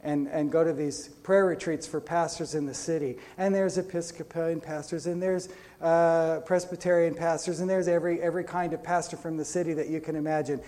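Pentecostal pastor, male, high-pitched voice, energetic sermon delivery with restarts. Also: brisk.

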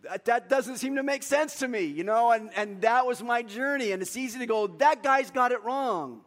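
High-voiced man preaching a sermon. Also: fairly quick. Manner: storytelling, animated anecdotes then earnest reading. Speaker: pastor.

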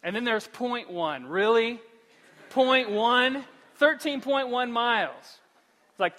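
Bright-voiced male pastor preaching. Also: extremely high pitch, takes it slowly, big-room sound. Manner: shifts from hushed pleading to loud, animated storytelling. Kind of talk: sermon. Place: church sanctuary.

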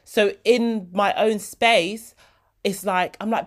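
A woman's voice: mid-range voice, moderate pace. A young woman, hosting a casual solo podcast in a chatty, heartfelt way. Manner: chatty, heartfelt, slips into quoted voices. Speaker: podcast host.

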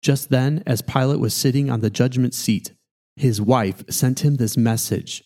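A man, a pastor, reading scripture aloud in a steady, measured way. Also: medium pitch.

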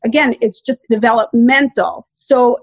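A woman in her forties with a slightly high voice speaks at a measured pace in a room with no audible acoustics. She's a parenting expert appearing as an interview guest, answering earnestly and circling back to repeat her main points.

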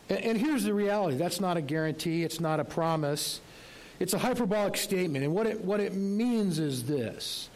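Man, pastor, sermon, slightly high voice, conversational, faint hiss. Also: a little mellow, low-quality recording. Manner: conversational, rhetorical questions, light humor.

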